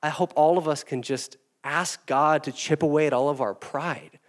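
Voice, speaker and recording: A man's voice: on the high side, normal speed. A male pastor preaching a sermon in a joking, self-deprecating way.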